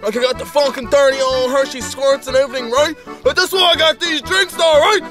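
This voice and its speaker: A man's voice: very high voice, brisk, few pauses, sharp tone, faint music behind. A young man with a Newfoundland accent, rambling and swearing through a hungover comedy sketch.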